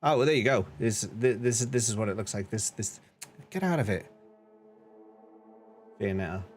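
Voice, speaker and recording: A man's voice: on the low side, animated, moderate pace, faint music behind. Chatty man streaming. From northern England. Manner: chatty, laughs often, reads chat aloud. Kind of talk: casual live-stream chat.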